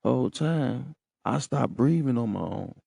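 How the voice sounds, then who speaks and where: A man's voice: mid-range voice, expressive, measured pace, vocal fry, dark tone, dry recording. A man hosting a podcast, telling listeners a story in slangy, profane casual talk and often checking in with them. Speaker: podcast host. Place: room in a rehab center.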